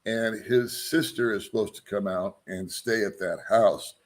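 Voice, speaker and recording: A man with a fairly low voice hosts his own vlog, talking a little slowly in a loose, casual ramble. He chuckles and says "um" frequently.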